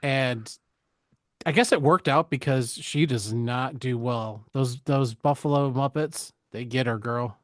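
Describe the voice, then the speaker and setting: A man co-hosting a podcast, recapping a film in casual chat, profane and jokey, slipping into quick voices for the characters. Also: mid-range voice, no room sound, clean studio sound. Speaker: podcast co-host.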